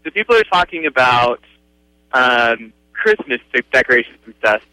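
A man's voice: mid-range voice, very animated, normal speed, sharp tone, dry recording, poor audio. A young man calling in to a radio show, telling a rambling, hesitant story in casual chat. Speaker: caller.

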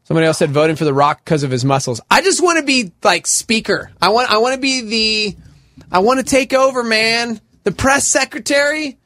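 A man co-hosting a live radio show, excitable and jokey as he reads out listener messages. His voice sits high and swings widely in pitch. The studio sound is close and dry. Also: fairly quick, dry recording. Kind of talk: casual studio banter.

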